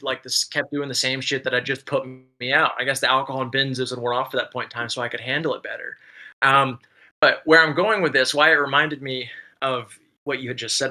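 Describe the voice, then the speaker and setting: Bright, slangy man telling a story. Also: mid-range voice, rough recording. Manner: slangy and candid, peppered with "dude" and "like". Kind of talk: casual storytelling chat.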